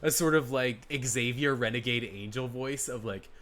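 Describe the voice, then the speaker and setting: A male streamer chats casually at a middle pitch, animated and quick to laugh. His speech is loose and full of filler words. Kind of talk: casual chat.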